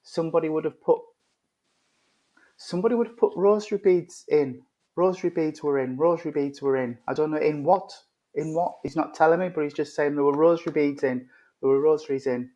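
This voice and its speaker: Man, spiritualist medium, repeats himself, says darling, slightly high voice, muffled lo-fi call audio. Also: normal speed, long pauses, darkish tone. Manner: repeats phrases, calls the listener darling. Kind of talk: relaying spirit messages in an online service.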